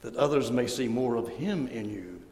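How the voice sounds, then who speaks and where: A man preaching a sermon, with a slow, solemn and deliberate delivery. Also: medium pitch, expressive, darkish tone. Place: church sanctuary. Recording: echoey sanctuary with long reverb.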